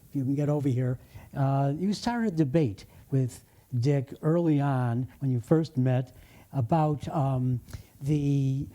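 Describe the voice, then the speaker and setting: An older man hosting a bookshop interview, speaking haltingly and filling his pauses with many hesitations. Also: medium pitch, dark tone. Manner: halting, frequent "uh" fillers. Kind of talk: conversational interview.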